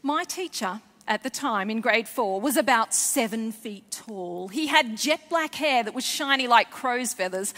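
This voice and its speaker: Lively woman telling stories in a hall. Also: fairly high pitch, unhurried, few pauses. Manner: lively, expressive, chatty storyteller. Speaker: children's author and former teacher. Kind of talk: storytelling talk to schoolchildren. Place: large festival hall. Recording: long hall reverb.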